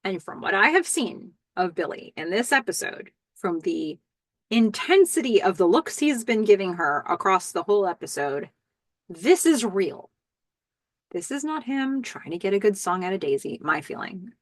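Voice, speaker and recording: A woman's voice: mid-range voice, sing-song, dry recording. Chatty woman recapping a TV episode. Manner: chatty, musing aloud with fillers and quick laughs. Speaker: podcast host.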